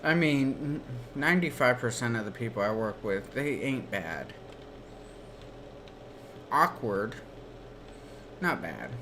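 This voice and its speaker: A man's voice: mid-range voice, very animated, a bit bright, a little hiss or hum. A man streaming while gaming, telling rambling stories in a casual chat. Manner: slow rambling storytelling.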